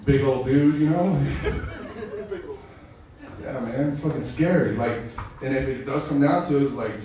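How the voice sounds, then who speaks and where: A man's voice: medium pitch, unhurried, highs cut off, a loud crowd. A man doing a crude, rambling stand-up set, swearing a lot, laughing at his own jokes and a bit out of breath. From Mexican heritage. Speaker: stand-up comedian. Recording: echoey room, mic far off, loud noise.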